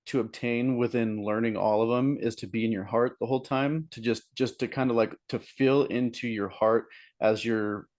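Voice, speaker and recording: A man's voice: fairly low pitch, darkish tone. A young man talking casually as a guest teacher, meandering with many "likes" and "ums". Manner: meandering and hesitant, full of "like" and "um". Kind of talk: casual explanatory talk.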